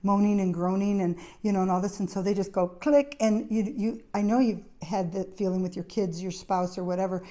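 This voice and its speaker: Middle-aged woman therapist-host, chatty anecdote teller, mellow tone. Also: mid-range voice, fairly even intonation, brisk, hardly any pauses. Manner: chatty storyteller, anecdotes with acted quotes. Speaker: occupational therapist and show host. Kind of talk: casual advice talk to camera.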